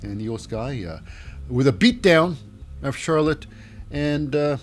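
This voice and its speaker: A man talks through a wrestling episode in a loose, rambling recap, full of fillers and restarts. His pitch sits a bit high and swings widely from line to line. Faint music plays under him. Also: slow pace. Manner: rambling, filler-heavy, animated. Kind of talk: casual recap commentary.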